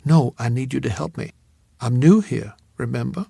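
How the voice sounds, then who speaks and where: A man voicing a lively young woman who speaks in an eager, friendly, insistent way. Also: medium pitch, moderate pace, gravelly, husky, no echo, studio quality.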